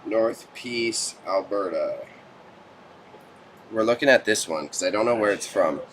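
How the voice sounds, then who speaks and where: A young man talks casually to his live chat from an indoor studio set, laughing easily and joking along. His voice is fairly low but bright and forceful. A faint hum of room ambience sits behind him. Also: quick pace. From Canada. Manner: chatty, laughs often, jokes with chat. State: sweating under studio lights. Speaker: livestream host.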